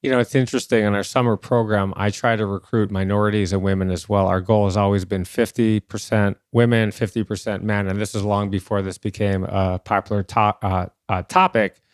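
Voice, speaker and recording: A man hosting a podcast interview, talking in a relaxed, conversational way. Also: lowish voice, a little fast, hardly any pauses, no echo, studio quality. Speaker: podcast host.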